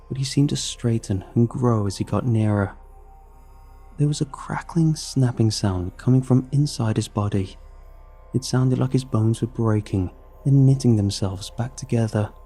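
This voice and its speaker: A man reading a horror story aloud in a measured, grim way. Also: lowish voice, dark tone. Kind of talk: scripted horror narration. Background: faint music.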